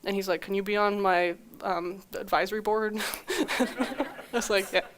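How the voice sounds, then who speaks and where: Animated woman telling a startup story. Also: medium pitch, unhurried, slight background noise. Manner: animated, acts out quoted dialogue with laughs. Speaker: conference speaker. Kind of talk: conference talk, anecdotal storytelling.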